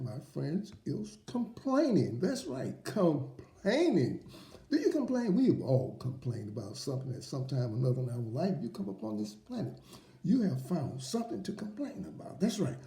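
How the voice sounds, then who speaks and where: A man's voice: on the high side, vocal fry, warm tone, reverberant. A man hosting a motivational faith program, preaching emphatically in repeated phrases and rhetorical questions.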